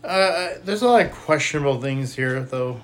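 A man co-hosting a podcast, talking bluntly and haltingly in a casual chat style. Faint noise sits under his voice. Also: mid-range voice, lively intonation. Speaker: podcast co-host.

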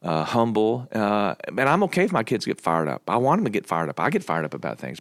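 Low-voiced middle-aged man, earnest. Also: no echo, clean studio sound. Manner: earnest, joking, coaching tone. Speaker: church pastor, podcast guest. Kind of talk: casual podcast conversation.

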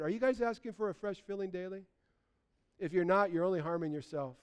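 A man, preaching a sermon, animated, swinging between loud bursts and quiet asides. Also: high voice, fairly quick, smooth. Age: 60s. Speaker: pastor.

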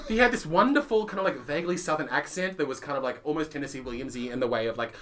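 A man co-hosting a casual theatre chat, animated and quick to laugh and act out quotes. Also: on the high side. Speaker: podcast co-host; playwright.

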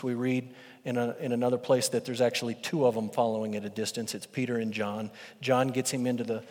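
Man preaching a lively sermon. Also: medium pitch. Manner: animated storytelling, swings from loud to hushed. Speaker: pastor. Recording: long hall reverb.

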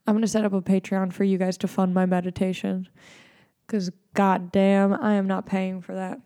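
A young woman hosts a podcast, rambling in a loose, sarcastic way. Her jokes land deadpan. Her voice has a warm, mellow darkness to it. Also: medium pitch, moderate pace, long pauses, clear, resonant tone. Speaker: podcast host. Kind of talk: casual comedic monologue.

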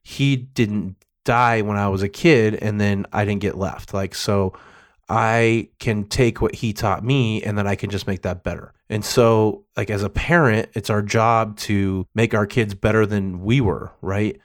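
A man's voice: fairly low pitch, steady tone, measured pace. A middle-aged man giving a candid personal monologue, emotional and profane, rambling with restarts.

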